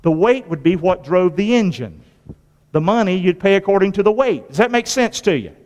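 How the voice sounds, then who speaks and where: Through a muffled recording, a male pastor's high, darkish, animated voice preaches at a moderate pace inside a church with long hall reverb. He quizzes the congregation and repeats phrases folksily, call-and-response style, his emphasis rising and falling suddenly.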